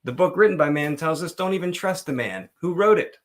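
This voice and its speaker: A man hosting a casual live stream, chatting loosely and reading scripture slowly and dramatically. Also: fairly high pitch, lively intonation. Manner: loose, rambling, playful.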